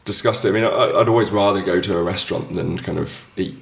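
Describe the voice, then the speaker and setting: Deep-voiced man in an echoey room. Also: fast talker, gravelly. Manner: relaxed, hedging, lots of "like" and "kind of". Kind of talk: casual chat.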